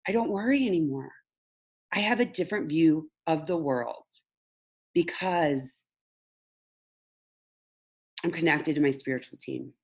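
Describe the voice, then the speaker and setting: A woman coach speaks on a video call in a somewhat low voice, warm and unguarded as she tells her story. Her manner is emotional and candid, and she laughs at her own slips. She talks directly to the people watching her live class. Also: unhurried, long pauses, husky. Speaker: mindset coach.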